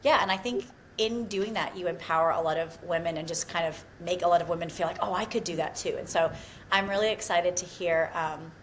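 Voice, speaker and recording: A woman from Australia hosts a relaxed podcast in an American accent. Her voice sits a little low, and her chat is easy and full of "um" and "like". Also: a little fast, a little hiss or hum, rough recording. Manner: warm, chatty, heavy on fillers like "um" and "like". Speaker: podcast host.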